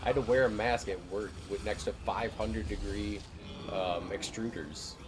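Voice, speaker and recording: Low-voiced man ranting while gaming. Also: normal speed, noisy background. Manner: profane, ranting storyteller. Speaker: streamer. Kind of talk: casual gaming stream chat.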